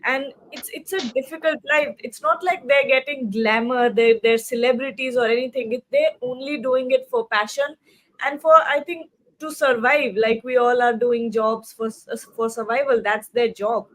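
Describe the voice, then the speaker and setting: A woman's voice: fairly high pitch, steady tone, moderate pace, poor audio. A woman co-hosting a live post-match cricket discussion, chatting loosely and reading out viewer comments. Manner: chatty, many "you know" fillers and restarts, reads viewer comments. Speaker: co-host of a cricket talk show.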